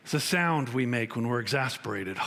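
A man preaching a sermon as pastor, emphatic and repetitive, with wide swings in pitch. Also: pushed and bright.

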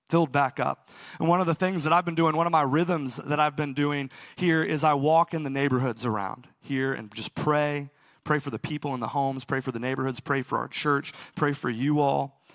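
A man's voice: fairly high pitch, a bit bright, no echo, studio quality. A man preaching a sermon and telling a personal story in an earnest, self-mocking way. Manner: storytelling, earnest, laughs at himself. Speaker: pastor.

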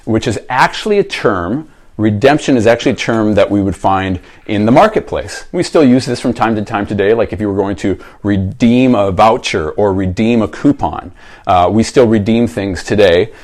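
A man's voice: lowish voice, normal speed, a little mellow. Conversational man preaching a sermon. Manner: conversational storytelling, asks the congregation reflective questions. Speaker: pastor.

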